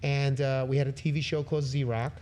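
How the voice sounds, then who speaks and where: A middle-aged man from Brooklyn, a musician, is a guest on a chatty podcast. He tells his stories in a lively, joking way. His voice sits at an everyday pitch for a man. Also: brisk. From Brooklyn, New York. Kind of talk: casual interview chat.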